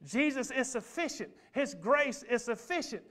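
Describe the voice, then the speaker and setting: A man preaches from the pulpit in a high, lifted voice. He swings between loud bursts and quiet asides, calling out to the congregation as he goes. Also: normal speed. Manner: animated preaching, calls out to the congregation. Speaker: pastor. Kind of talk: sermon. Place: church sanctuary.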